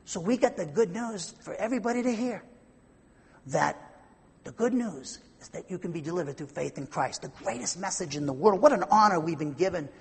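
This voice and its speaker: A man preaching an expository sermon, explaining Greek words one by one and stumbling over their pronunciation, with emphatic swings between loud bursts and quiet asides. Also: sits high, animated, fairly quick, slightly rough, in a large hall. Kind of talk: expository Bible-teaching sermon.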